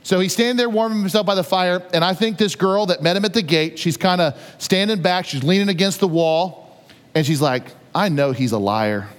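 A man's voice: high voice, a little fast, smooth. A male pastor preaching a sermon in a conversational, storytelling way, acting out the scenes. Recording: long reverb of a large hall.

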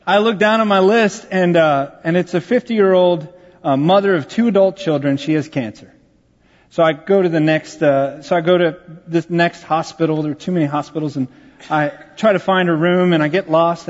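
A man's voice: fairly high pitch, a little mellow, in a large hall, muffled recording. A man, a pastor telling a personal story in a conversational, self-deprecating sermon. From Texas, USA.

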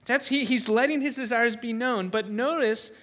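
A man's voice: very high voice, moderate pace, a bit bright. A man preaching a sermon as a pastor, earnest and emphatic, often restarting his words.

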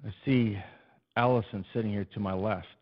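A male preacher giving an animated, storytelling sermon and addressing his congregation in a church. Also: lowish voice, moderate pace. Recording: dull, muffled recording.

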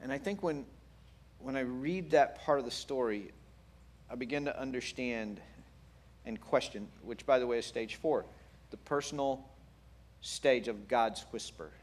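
Animated, playful male preacher. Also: mid-range voice, measured pace, long pauses. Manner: animated, playful, wry humor. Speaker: pastor. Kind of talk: sermon.

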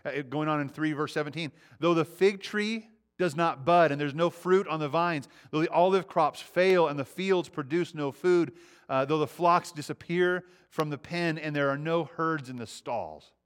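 A man preaches a sermon in a slightly raised voice. He moves from quiet, reflective passages to fervent appeals. He stumbles and repeats words as he speaks. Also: fairly high pitch, normal speed, smooth. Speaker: pastor.

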